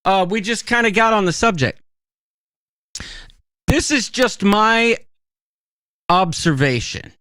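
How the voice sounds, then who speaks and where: Give me a man chatting as a podcast host, full of ums and likes, very expressive pitch. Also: takes it slowly, long pauses, smooth, dry recording. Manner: rambling storyteller, many fillers. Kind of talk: casual chat.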